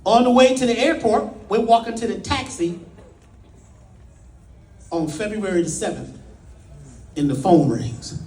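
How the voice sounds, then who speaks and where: A middle-aged man telling a personal story in a folksy, dramatic way, with long pauses, as a spiritual speaker. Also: sits high, darkish tone, recorded from a distance. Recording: echoey room, away from the mic.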